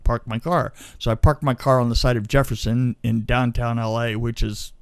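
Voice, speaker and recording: Guy rambling thru a funny story, mid-pitched, keeps laughing and restarting, dry close sound. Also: fairly even intonation, moderate pace, gravelly, smooth, no echo. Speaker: storyteller guest. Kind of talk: casual anecdote.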